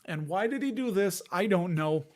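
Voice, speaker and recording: High-voiced man with a Chicago accent. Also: animated, normal speed. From Chicago area, Illinois. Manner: rambling, jokey, laughs often, reads chat aloud. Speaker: investing channel host. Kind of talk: casual live-stream chat.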